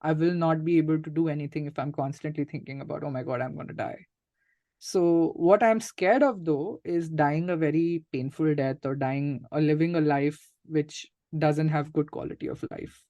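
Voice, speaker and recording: A man's voice: fairly high pitch, fairly even intonation, normal speed, few pauses, warm tone, no room sound, dull audio. A man, a guest speaking candidly and reflectively in an interview, with frequent fillers. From India. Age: 30s. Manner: reflective and matter-of-fact, many "like" and "uh" fillers.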